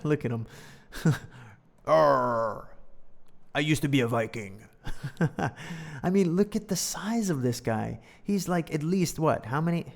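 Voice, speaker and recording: A man's voice: medium pitch, gravelly, a little mellow. A man giving a playful, chatty English lesson, reading through a storybook and joking about its pictures. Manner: playful, chatty, laughs often. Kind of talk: casual storybook lesson with commentary. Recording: reverberant room.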